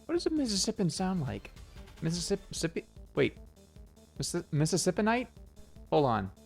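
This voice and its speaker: A man's voice: sits high, wildly swooping pitch, normal speed, vocal fry, faint music behind. A man streaming a game with playful, rambling commentary, trying out silly accents. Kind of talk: casual let's-play commentary.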